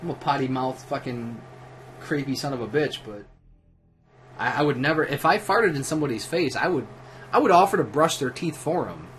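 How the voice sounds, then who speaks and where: A man's voice: medium pitch, animated, moderate pace, fairly bright tone, slight background noise. A drunk man livestreaming at home, telling a profane, rambling story in a casual way, with many restarts. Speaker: livestream host. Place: at home while gaming.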